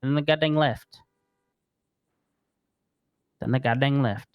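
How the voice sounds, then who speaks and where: A man's voice: mid-range voice, slow, clean tone, no echo, highs cut off, lightly acted. A man voicing a rattled male crime witness in a role-play game, who stuffs the same curse word into nearly every phrase while giving a statement.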